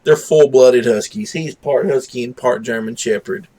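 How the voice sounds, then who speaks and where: A man's voice: normal speed, dark tone. A man hosting a live stream, chatting casually and rambling in a laid-back, self-deprecating way. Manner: coos at his dog in high baby talk. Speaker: livestream host.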